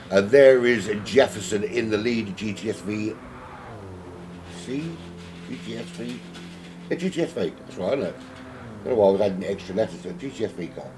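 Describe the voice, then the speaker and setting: A man with a South London accent calls a sim race alone from his home, drifting into jokey, self-mocking asides. His voice sits low. A steady hiss of background noise runs under the recording. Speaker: sim racing commentator. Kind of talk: solo race commentary.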